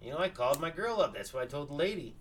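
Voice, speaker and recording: A man's voice: a little high, big pitch swings, racing. A man guesting on a podcast, telling stories casually, swearing freely and laughing through them. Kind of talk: casual storytelling. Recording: off-mic with faint background noise.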